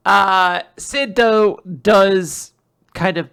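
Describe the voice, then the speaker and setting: A podcast host casually recapping manga chapters, rambling and animated, with frequent asides. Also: medium pitch, drawn-out words, creaky, clean tone. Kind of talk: casual chat.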